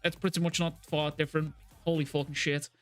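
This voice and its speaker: A young man live streaming, reacting to chat messages with excitable, heavily profane talk. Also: fairly high pitch, brisk, soft background music.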